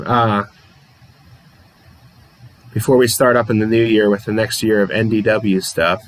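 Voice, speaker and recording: A man's voice: fairly low pitch, a little hiss or hum, rough recording. A man from the Pittsburgh area hosting a livestream, calling a tabletop wrestling card game play by play, reading chat and laughing often at himself. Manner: chatty, laughs often, self-deprecating.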